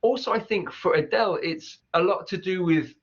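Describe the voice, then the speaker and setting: A man teaching pronunciation, repeating words slowly to demonstrate sounds. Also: sits high. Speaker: accent teacher. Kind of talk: explaining pronunciation over clips. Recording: dull lo-fi sound.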